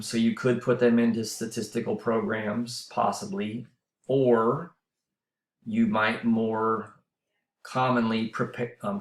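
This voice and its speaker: A man's voice: on the low side, echoey room. A man teaching a university class in a casual, explanatory way, with fillers and restarts. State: running out of breath. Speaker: university instructor. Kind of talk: recorded lecture voice-over. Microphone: voice-over mic.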